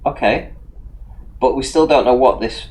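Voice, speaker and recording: A man's voice: mid-range voice, moderate pace, darkish tone. A man hosting a live online debate show, teasing and sarcastic with his caller and chuckling often. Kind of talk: casual live-stream debate chat.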